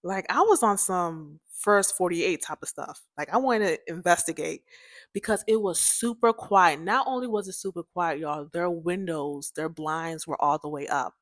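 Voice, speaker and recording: A young woman hosting a podcast, telling a personal story in a chatty, animated way, often laughing and speaking straight to her listeners. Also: on the low side, moderate pace, dry recording, clean studio sound. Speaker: podcast host.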